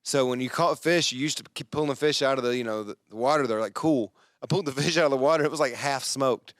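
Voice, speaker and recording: Comedian guest, laid-back rambler, mid pitch, dry close sound. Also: male voice, fast, fairly bright tone, dry recording. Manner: laid-back rambling storyteller, lots of fillers. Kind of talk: casual chat.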